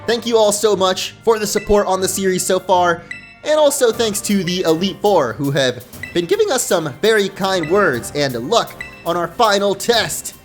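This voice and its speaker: A man hosting a let's play, giving upbeat, excitable gameplay commentary. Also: high-pitched, moderate pace, soft background music.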